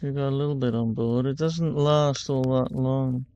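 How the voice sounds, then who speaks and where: A man hosting a casual game playthrough, relaxed and thinking aloud as he plays. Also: mid-range voice, normal speed, smooth, lo-fi sound. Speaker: gaming channel host.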